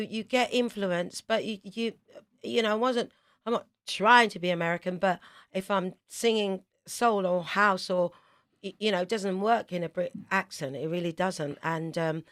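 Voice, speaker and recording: A South London woman in her fifties, a singer, speaks with a London accent in a fairly low voice. She's a guest on a radio interview, chatting and telling lively stories full of quick asides.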